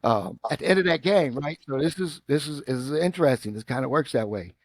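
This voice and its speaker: A middle-aged man with a Midwestern American accent, a podcast guest telling football stories in a lively, casual way. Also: brisk, dry recording. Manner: animated storyteller, acts out quotes with rising pitch. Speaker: guest, former football player and coach. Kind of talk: casual storytelling interview.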